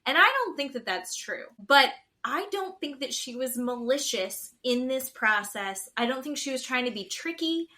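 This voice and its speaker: A woman's voice: high voice, moderate pace, hardly any pauses. A woman co-hosting a podcast, recapping a reality show in casual chat and bluntly judging the people in it. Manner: blunt, gossipy, animated retelling with quoted voices. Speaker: podcast co-host.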